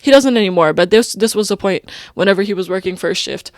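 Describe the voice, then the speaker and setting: A woman's voice: mid-range voice, fast, no echo. Rambling young woman, dry close sound. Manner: rambling, stream-of-consciousness, heavy use of "like" and "you know"; emotional, openly personal. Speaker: podcast host. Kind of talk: casual confessional monologue.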